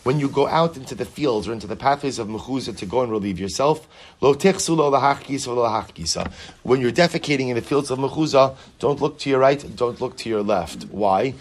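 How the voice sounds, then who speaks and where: A man's voice: medium pitch, animated, a little fast. A man teaching a Talmud class, reading Aramaic lines aloud and translating them, with many rhetorical questions and repeated phrases.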